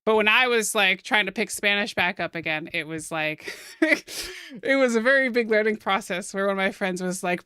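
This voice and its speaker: A young American woman streaming while she draws, chatting casually with her viewers in a soft-spoken, giggly way. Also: medium pitch, lively intonation, normal speed, smooth, dry recording, studio quality. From United States.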